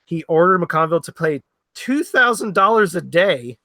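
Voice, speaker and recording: A man's voice: a little high, expressive, moderate pace, bright, forceful tone, no room sound. A man hosting a casual comedy podcast who reads news articles aloud and stumbles over names. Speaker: podcast host.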